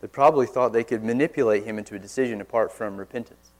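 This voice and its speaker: A man preaching a sermon in church, earnest, pressing hard on key words and then dropping suddenly quiet. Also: medium pitch, quick pace. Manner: earnest, forceful emphasis with sudden quiet drops.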